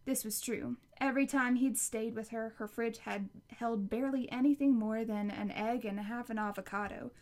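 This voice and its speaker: A woman's voice: a little high, steady tone, normal speed, few pauses, darkish tone. A woman narrating a novel as an audiobook, reading steadily with occasional slips and restarts. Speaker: audiobook reader.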